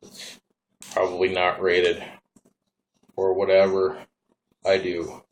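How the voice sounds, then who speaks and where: A very low-voiced man with a Minnesotan accent talks in a laid-back, folksy ramble while showing off his gear. Faint noise hums under the recording. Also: completely flat delivery, slow pace. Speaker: vaping hobbyist vlogger. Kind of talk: casual hands-on demo.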